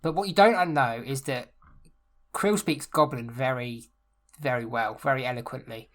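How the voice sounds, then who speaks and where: A woman's voice: very deep voice, moderate pace. A woman describing her character in a tabletop game, chatty and playful. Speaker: player.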